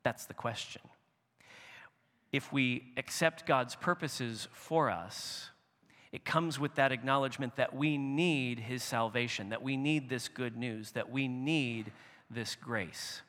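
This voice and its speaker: A man preaching a sermon as pastor, expressive, rising and animated when he voices quoted speech. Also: mid-range voice, slow pace. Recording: long reverb of a hall.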